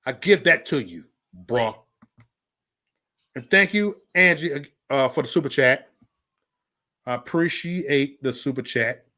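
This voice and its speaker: A man ranting on a casual livestream, loud and profane, stammering and restarting, talking straight to viewers by name. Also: medium pitch, expressive, slow, long pauses. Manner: chats directly with viewers by name. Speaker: livestream vlogger.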